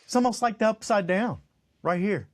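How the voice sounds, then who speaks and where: A congested, high-pitched man co-hosts a casual podcast at normal speed, rambling and joking in an animated way. He lives in Utah and used to live in Los Angeles.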